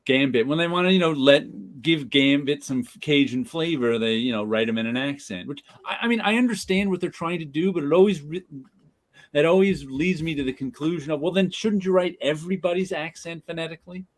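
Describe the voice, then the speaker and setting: A man hosting a casual chat about comic books, laughing often and restarting his sentences when excited. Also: fairly high pitch, brisk. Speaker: podcast host.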